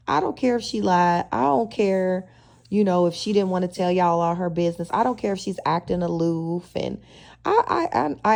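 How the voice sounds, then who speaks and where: A woman's voice: lowish voice, creaky, darkish tone. A woman, reviewing a reality show episode in a casual, sassy and opinionated chatty way, heavy on slang. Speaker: reality TV recap vlogger.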